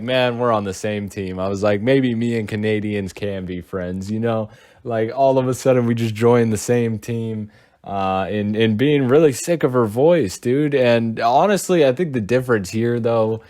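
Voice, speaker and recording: A man's voice: medium pitch, darkish tone. A young man giving casual reaction commentary, rambling with lots of fillers and calling his viewers bro and dude. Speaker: commentary youtuber.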